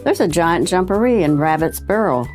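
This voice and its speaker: A woman's voice: lowish voice, animated, moderate pace, darkish tone, soft background music, natural voice. A woman voicing a big stomping elephant with raised trumpeting cries. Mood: alarmed.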